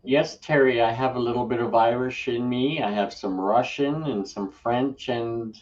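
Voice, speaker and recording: A man co-hosting a casual live-stream chat, easygoing and quick to laugh at himself. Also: mid-range voice, fairly even intonation, darkish tone. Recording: dull lo-fi audio, off-mic.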